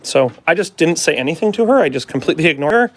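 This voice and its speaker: A man's voice: fairly high pitch, expressive, fast. A man talking as a dog trainer in a casual live demonstration, chatting to his viewers and coaxing a dog along. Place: at home with a dog, partly in the yard.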